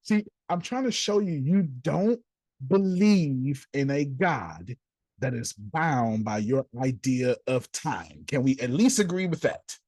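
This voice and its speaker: A man's voice: medium pitch, animated, slow pace, darkish tone, dry recording. A man teaching a group class in a preachy, playful way, acting out little scenes, with speech. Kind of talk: animated group teaching talk.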